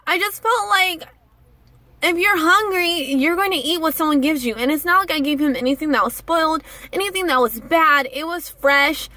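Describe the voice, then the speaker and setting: A young woman vlogger tells a story straight to camera in an indignant, animated way. Her voice sits high and sounds bright and crisp. The recording is dry and close, with no room sound. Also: moderate pace, no echo. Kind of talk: casual rant to camera.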